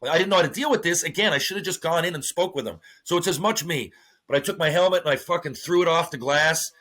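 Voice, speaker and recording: A middle-aged man, a former hockey player, telling stories as a podcast guest in a lively, profane way, acting out what others said. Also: on the high side, quick pace. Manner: animated storyteller, swears freely, acts out quotes. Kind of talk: casual storytelling interview.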